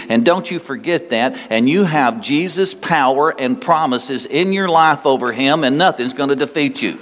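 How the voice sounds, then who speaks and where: A man preaching a sermon as pastor, animated and conversational, with asides. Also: mid-range voice, moderate pace. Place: church sanctuary. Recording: long reverb of a large hall.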